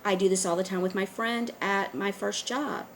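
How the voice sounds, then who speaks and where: A woman talking straight to her viewers in a casual monologue, earnest and urging, often pausing on fillers and restarting. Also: medium pitch, slight background noise, rough recording. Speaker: online video host. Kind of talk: casual direct-to-camera monologue.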